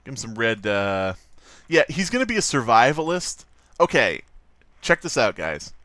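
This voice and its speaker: A man's voice: medium pitch, very animated, normal speed, pushed and bright, no room sound. A man casually commenting on his livestream while drawing, rambling, joking and swearing a lot. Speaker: streamer.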